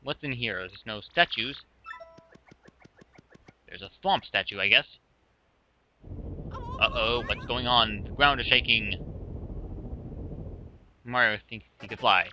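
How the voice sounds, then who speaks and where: A man's voice: medium pitch, normal speed, pauses often, pushed and bright, faint music behind, poor audio. A man giving casual let's-play commentary with dry, joking asides.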